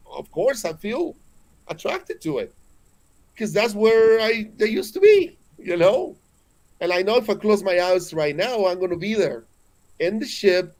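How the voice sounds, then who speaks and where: Man in his 40s, Mexican accent, slightly high voice, emphatic storytelling, frequent restarts. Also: darkish tone. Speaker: guest. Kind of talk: earnest spiritual storytelling.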